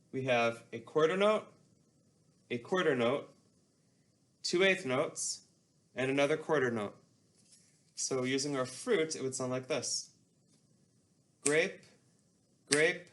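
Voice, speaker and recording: A man's voice: mid-range voice, fairly bright tone. A man teaching a music class, explaining patiently and leading call-and-response chanting.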